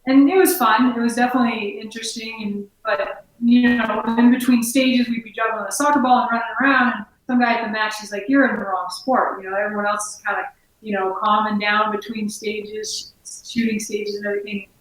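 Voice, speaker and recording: A woman from Colorado chats in an easy, rambling way, sprinkled with fillers. Her voice sits a little high. She sounds distant from the mic, in a boomy, echoing room. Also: brisk. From Colorado, United States. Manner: relaxed, chatty, with many fillers. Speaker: guest, former biathlete and shop owner. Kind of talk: casual interview talk. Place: inside her outdoor gear shop. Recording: echoey room, voice far from the mic.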